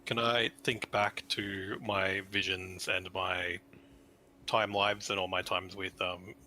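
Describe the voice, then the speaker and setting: A man's voice: sits low, level tone, slow pace, sharp tone, a little hiss or hum, low-quality recording. A man playing a tabletop game, asking a rambling question while searching for words. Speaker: player. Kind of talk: casual tabletop play.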